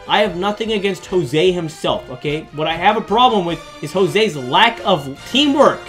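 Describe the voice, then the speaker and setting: A male gaming channel host giving excitable, jokey let's-play commentary, often breaking into shrieks and laughter. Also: sits high, normal speed, faint music behind.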